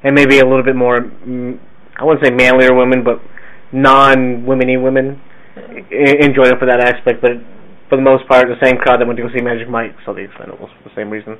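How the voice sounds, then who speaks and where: A man's voice: mid-range voice, level tone, a little fast, fairly bright tone. A man co-hosting a podcast in casual chat, teasing with dry sarcasm. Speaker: podcast co-host. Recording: tinny phone-like sound.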